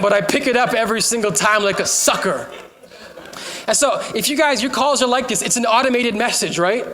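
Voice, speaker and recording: A young adult man, a pastor, preaching a sermon to his church in a conversational, jokey way, now and then shouting out to the congregation. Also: very high voice.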